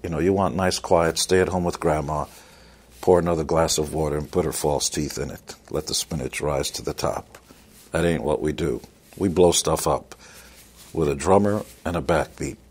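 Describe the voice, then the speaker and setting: A man's voice: very deep voice, normal speed, darkish tone, slightly rough. A man giving motivational success advice in a blunt, wisecracking, emphatic way. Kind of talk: motivational talk.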